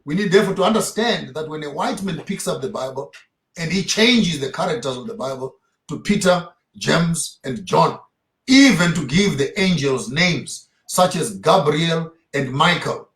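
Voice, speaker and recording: A man's voice: fairly high pitch, expressive, normal speed, reverberant. A man being interviewed as a theologian, lecturing emphatically and firing off rhetorical questions. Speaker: theologian guest. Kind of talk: impassioned interview talk.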